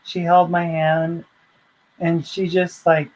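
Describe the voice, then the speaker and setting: Slow-talking woman telling a heartfelt story. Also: fairly low pitch, flat delivery, a little mellow, poor audio. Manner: heartfelt, rambling, many fillers and restarts. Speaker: vlogger. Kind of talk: personal storytelling vlog.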